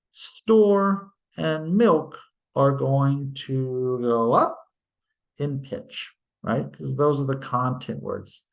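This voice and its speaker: A male teacher lecturing slowly and deliberately, with a mid-range voice and frequent "right?" checks. He demonstrates intonation by voicing sample sentences aloud. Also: mid-range voice, creaky. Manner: slow, deliberate, explains patiently with tag questions. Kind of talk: recorded lecture.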